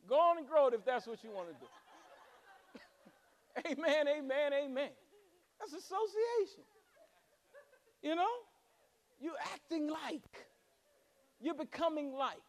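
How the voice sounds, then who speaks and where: Male pastor, very high voice, fervent sermon with joking asides. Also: animated, measured pace, pauses often. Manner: preaching with rising fervor and humorous asides.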